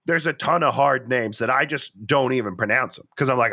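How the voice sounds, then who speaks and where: A man co-hosting a podcast, talking through a movie in an animated, playful, chatty way. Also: mid-range voice, fairly quick. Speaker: podcast co-host. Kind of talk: casual chat.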